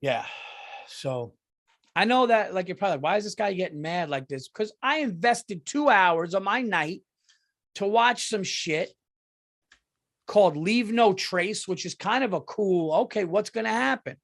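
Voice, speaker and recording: A middle-aged man hosting a solo comedy podcast, retelling a movie with profane, animated outrage that drops to mumbling asides. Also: high-pitched, unhurried. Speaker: podcast host.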